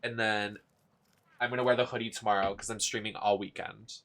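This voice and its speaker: A young man streaming a video game live, chatting casually in an excitable, giggly, gushing way. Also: fairly low pitch, fairly quick.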